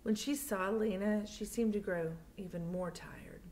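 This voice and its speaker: A woman's voice: mid-range voice, unhurried, slight background noise. Young woman teacher reading aloud. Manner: chatty and playful before reading, then steady narration. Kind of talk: reading a novel aloud to students.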